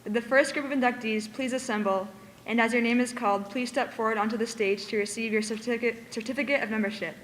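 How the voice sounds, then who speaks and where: A woman calls inductees to the stage with brisk formal announcements. Her fairly high voice moves quickly. It echoes through a large hall with faint noise underneath. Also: steady tone. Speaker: ceremony presenter.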